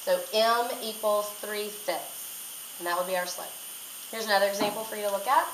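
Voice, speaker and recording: A woman's voice: medium pitch, normal speed. A woman teacher talking through a recorded math lesson step by step, repeating key points. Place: classroom. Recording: echoey room, faint noise.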